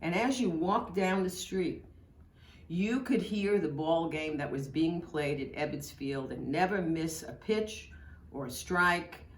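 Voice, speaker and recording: Brief: older woman, slow fond reminiscence, echoey room. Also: low voice. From Brooklyn, New York. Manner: fond, storytelling delivery. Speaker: local history speaker. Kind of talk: reminiscing talk.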